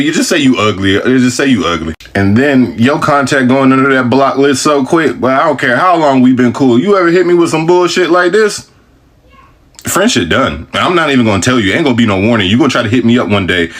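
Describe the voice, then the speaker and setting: A husky-voiced man delivers casual reaction commentary, blunt and emphatic. His pitch moves in lively, incredulous jumps.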